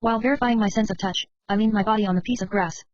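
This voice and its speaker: A woman reading a novel aloud as first-person narration, in a brisk, steady way of telling an inner monologue. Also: mid-range voice, no echo. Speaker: audiobook reader. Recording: dry, slightly muffled recording.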